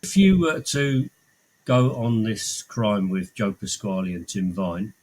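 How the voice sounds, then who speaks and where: A man hosting a podcast, asking questions and making dry, deadpan quips in a casual chat. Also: lowish voice, slow pace, poor audio. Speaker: podcast host.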